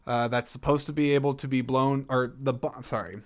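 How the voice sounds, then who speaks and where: A man's voice: medium pitch, steady tone, fairly quick. A young man talking casually on his own about a film, rambling and joking, often correcting himself. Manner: rambling, jokey, self-correcting. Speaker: podcast host reviewing films. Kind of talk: casual solo film review podcast.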